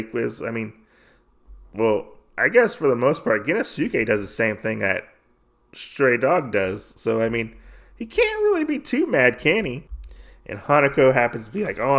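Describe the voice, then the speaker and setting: Male podcast host, middle pitch, loose filler-heavy storytelling, dips into quick character voices. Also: fairly bright tone. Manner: rambling, filler-heavy retelling. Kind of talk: casual comic recap.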